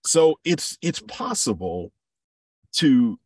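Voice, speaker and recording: A man who works as a voiceover artist and coach, speaking as a podcast guest in a measured, reflective way and giving examples. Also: mid-range voice, very animated, recorded from a distance, crowd noise. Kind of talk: podcast interview, thoughtful conversation.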